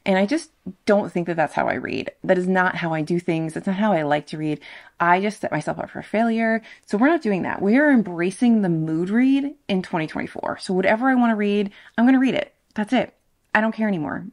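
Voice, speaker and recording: Here the same booktuber's mid-range voice moves fairly quickly as she discusses her reading goals on camera, joking at her own expense and stressing her points in a relaxed way. The home recording uses a sensitive, ASMR-style condenser microphone.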